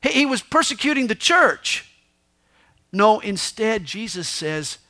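A male pastor with a high, bright voice delivers a dramatic sermon. He swings from forceful, raised emphasis down to quiet, near-whispered lines, and tells his story with clear conviction. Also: sing-song, measured pace. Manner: dramatic preaching, swings from loud to hushed.

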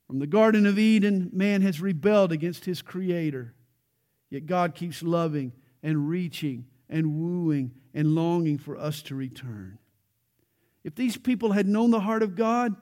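A man's voice: fairly high pitch, unhurried, darkish tone. A man preaching a verse-by-verse Bible sermon, earnest and building to emphatic peaks, with light jokes along the way. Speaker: pastor.

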